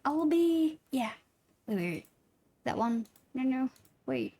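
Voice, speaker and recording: A woman's voice: sits high, animated, takes it slowly, a little mellow. A woman streaming a game, chatting casually with frequent giggles and stammering restarts. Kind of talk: casual gameplay commentary.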